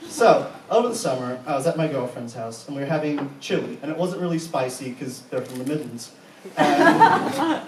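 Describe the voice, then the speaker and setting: A man's voice: a little high, far from the mic, background noise. A young man doing live stand-up and compering, with profane, incredulous rants and frequent laughter into a handheld mic. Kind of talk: live stand-up comedy with crowd work. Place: comedy club stage before a live audience. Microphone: handheld stage mic. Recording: echoey live room, voice off-mic at times.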